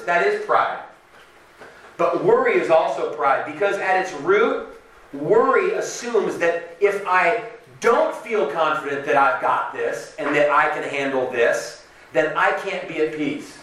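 A man preaching a sermon in a conversational, animated way, acting out the voices of people he quotes. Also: fairly high pitch, measured pace, very echoey, far from the mic, a little hiss or hum, poor audio. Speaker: pastor.

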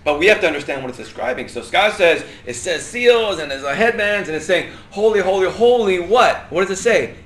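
Man teaching a Bible group, bright voice, echoey hall, faint ambience, lively and joking. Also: fairly high pitch, a little fast, few pauses. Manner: lively, asks the group questions, jokes and laughs. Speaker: pastor teaching a Bible class.

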